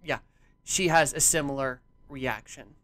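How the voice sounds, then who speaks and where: A man's voice: medium pitch, unhurried, fairly bright tone, dry recording. A man running a tabletop game as game master, narrating and ruling with many hesitant fillers.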